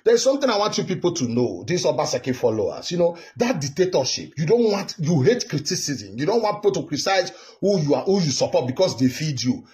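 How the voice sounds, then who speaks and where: A man's voice: fairly high pitch, very animated, fast talker, few pauses, a little mellow. A Nigerian man in his fifties from Edo State, delivering an indignant political rant straight to camera. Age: 50s. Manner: heated, indignant, repetitive. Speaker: political commentary vlogger. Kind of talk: direct-to-camera political monologue.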